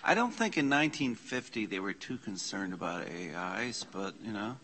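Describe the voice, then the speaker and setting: A man leading an informal church class, slowly reading out Greek scripture and explaining the grammar with casual asides. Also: lowish voice, expressive, pushed and bright, slight background noise. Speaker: Bible study teacher. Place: church meeting room.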